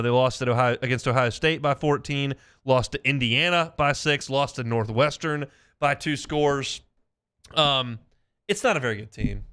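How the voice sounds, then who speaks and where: Give me a male sports radio host with a smooth, clear voice rattling off numbers. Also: mid-range voice, fairly bright tone. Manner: brisk, reels off stats. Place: radio studio. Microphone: studio mic.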